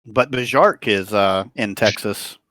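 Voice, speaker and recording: A man running a tabletop game as dungeon master, thinking aloud with halting pauses. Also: lowish voice, pushed and bright, no room sound. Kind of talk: narrating a tabletop game over a call.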